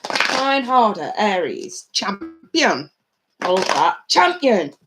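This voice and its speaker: A woman's voice: medium pitch, very animated, slow pace, over music. A woman giving live tarot readings to her viewers in a chatty, blunt way, swearing casually. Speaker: tarot reader.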